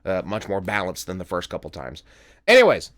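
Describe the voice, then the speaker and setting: A man's voice: deep voice, huge pitch swings, fairly quick, a bit bright, slight background noise. Young american guy rambling through a reaction vid, voice swings up and down a lot. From United States. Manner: chatty, interjects often, rambling asides. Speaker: reaction channel host. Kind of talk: casual reaction commentary.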